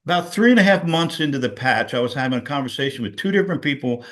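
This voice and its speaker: A middle-aged man tells his own story as a guest on a video call, rambling through a casual testimonial packed with fillers. His mid-range voice moves fast, with lively intonation and a fairly bright tone.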